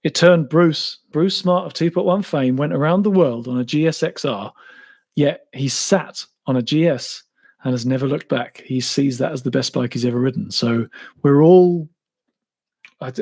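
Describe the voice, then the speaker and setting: A man's voice: mid-range voice, a little mellow. A man in his thirties with an English accent from around Cambridge, chatting casually and self-mockingly while answering viewer questions on a live stream. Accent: English (Cambridge area). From England (Cambridge). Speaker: motorcycle YouTuber answering live Q&A.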